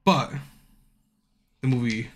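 A man streaming casually, rambling through a profane movie recap and acting out scenes in hushed asides. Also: mid-range voice, slow, a little hiss or hum.

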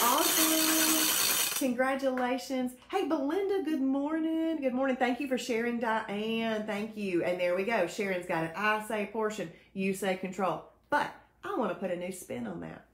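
Upbeat woman greeting viewers. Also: a little high. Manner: upbeat, greets viewers by name, mixes in devotional teaching. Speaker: host of a faith-based weight-loss live show. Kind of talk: casual live-stream chat, reading viewer comments. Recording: echoey room.

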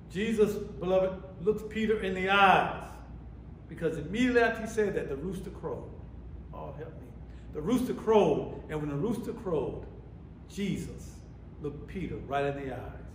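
A male pastor preaching, his delivery rising and falling as he keeps calling out for the congregation to respond. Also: a little high. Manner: rising and falling sermon cadence with repeated calls for response. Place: church sanctuary. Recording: echoey church sanctuary, faint room noise.

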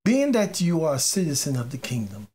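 This faith teacher's mid-range voice swings hugely in pitch, moving a little fast with a slightly mellow quality. The informal sermon mixes testimony and exhortation, with emphatic repetition of key phrases and occasional stumbles.

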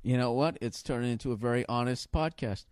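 A man hosting a podcast, telling a profane, rambling comedy story with loud, excited outbursts. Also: mid-range voice, a little fast, clean tone, no echo, studio quality. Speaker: podcast host. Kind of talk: casual comedic monologue.

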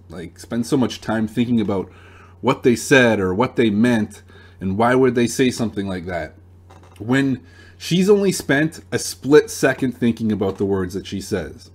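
A young man hosting an advice channel, talking in a relaxed, plain-spoken monologue with a few restarts. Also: medium pitch. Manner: relaxed, plain-spoken, uses gun comparisons, some restarts. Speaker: dating advice channel host.

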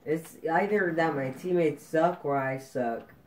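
A man's voice: fairly high pitch, a little slow, low-quality recording. A man giving frustrated gameplay commentary while playing a shooter, ranting and repeating his complaints to viewers. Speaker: gaming video host.

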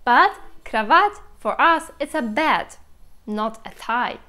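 A young woman with a Russian accent gives a lively vocabulary lesson, pitched a little high. She explains each word with enthusiasm and repeats the key words slowly so they sink in. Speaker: language teacher. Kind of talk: language lesson to camera.

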